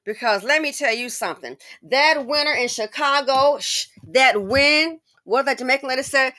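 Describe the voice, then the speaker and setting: A woman's voice: high voice, moderate pace. A woman hosting a casual commentary monologue, speaking straight to her viewers with exclamations and rambling asides. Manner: animated, talks straight to viewers. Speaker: commentary channel host.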